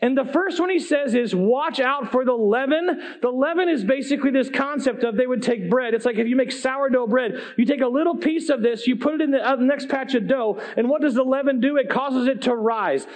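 A man preaching a sermon as pastor, telling folksy stories with animated asides. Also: extremely high pitch, fairly quick, hardly any pauses.

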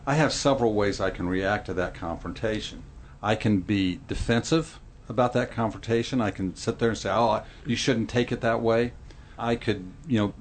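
A man's voice: lowish voice, a little hiss or hum. Earnest middle-aged man explaining repentance. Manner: earnest, explanatory, acts out quoted lines. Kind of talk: Christian podcast discussion.

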